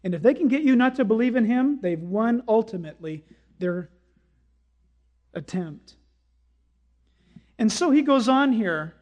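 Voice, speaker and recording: A pastor with a high, light voice delivers a sermon to his congregation. His preaching is dramatic, jumping to sudden shouts and sinking to a hush as he acts out quoted lines. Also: animated, measured pace.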